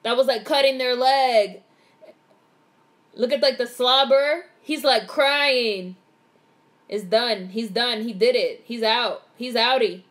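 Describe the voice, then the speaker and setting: A young woman vlogger giving a casual live movie reaction, excitable and swearing freely as she narrates what happens on screen. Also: on the high side, slow pace.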